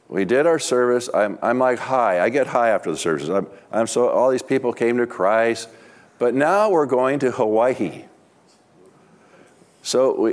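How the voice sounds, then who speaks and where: A middle-aged man, a pastor, preaching a sermon with humorous personal stories in a chatty, conversational way. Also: lowish voice.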